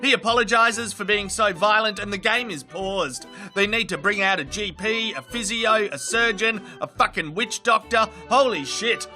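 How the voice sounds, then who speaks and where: Australian man, cheeky sweary comedy narration, raised pitch, faint music underneath. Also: normal speed, hardly any pauses, bright, forceful tone. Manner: cheeky, sweary, mock-dramatic. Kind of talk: comic nature-documentary voiceover.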